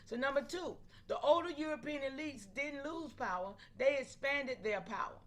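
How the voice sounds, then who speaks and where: Woman, live-stream host, high voice, animated, keeps calling out to her chat. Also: moderate pace. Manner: animated, calls out to viewers, laughs often.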